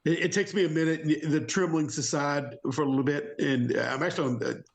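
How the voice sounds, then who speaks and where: A man's voice: fairly high pitch, fairly even intonation, fairly quick, gravelly. A man playing a tabletop game who describes his character's actions in a rambling way, with many restarts. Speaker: player.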